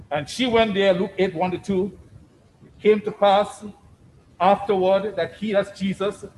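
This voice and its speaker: A man preaching a sermon, emphatic and deliberate, repeating phrases for stress and swinging between loud declarations and hushed asides. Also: high-pitched, slight background noise, poor audio.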